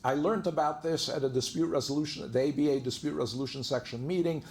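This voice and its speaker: A man's voice: fairly high pitch, fast, gravelly, a little mellow, slight background noise. Man lecturing in a conversational, anecdotal way. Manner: conversational, anecdote-driven, acts out quoted dialogue. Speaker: divorce lawyer giving a seminar talk. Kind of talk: lecture to a live audience.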